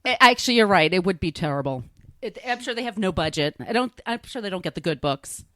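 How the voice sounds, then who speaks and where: A woman's voice: medium pitch, animated, quick pace, sharp tone, no echo. A woman podcast host recapping a film in a chatty, rambling way, laughing at herself. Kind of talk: casual movie recap.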